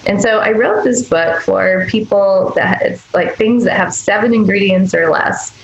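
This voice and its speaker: Earnest woman with a gravelly voice. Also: mid-range voice, unhurried, roomy sound, highs cut off. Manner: earnest, emphatic, acts out tender quoted asides. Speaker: guest doctor. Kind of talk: podcast interview conversation.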